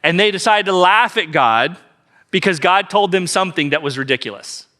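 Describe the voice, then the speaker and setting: A man's voice: high voice, animated, normal speed, pushed and bright. A man preaching a sermon as pastor, telling the story emphatically and repeating key phrases.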